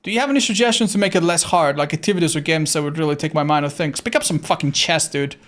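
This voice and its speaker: A man's voice: a little high, fast talker, a bit bright. A man chatting casually on a livestream, reading chat, swearing freely and laughing often; English is not his first language. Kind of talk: casual live-stream chat.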